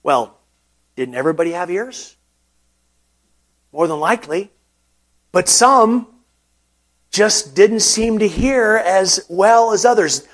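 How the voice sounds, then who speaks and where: A male pastor preaching a sermon, unhurried and emphatic, pausing often and repeating words for stress. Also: high-pitched, animated.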